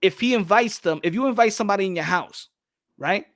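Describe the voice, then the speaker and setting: A man co-hosting a boxing podcast, talking in an animated, emphatic way and repeating himself. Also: sits high, fairly quick. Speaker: podcast co-host. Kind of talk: casual boxing podcast chat.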